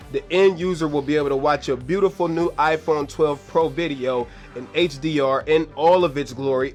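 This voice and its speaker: A man hosting a casual video editing tutorial, talking slangy and laid-back to his viewers while losing his voice. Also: a little high. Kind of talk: casual screen-recorded tutorial.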